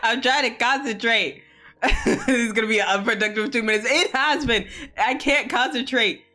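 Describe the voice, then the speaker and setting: A woman's voice: fairly high pitch, normal speed, bright, forceful tone. A young adult woman chatting casually on a live stream, laughing often and swearing freely. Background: faint music.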